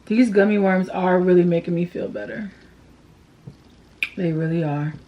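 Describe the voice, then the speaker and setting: A woman's voice: lowish voice, moderate pace, creaky, highs cut off, faint music behind. A woman chatting through a makeup tutorial, candid and slangy, openly sad and emotional as she vents between steps. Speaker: makeup vlogger. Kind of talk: casual makeup tutorial chat.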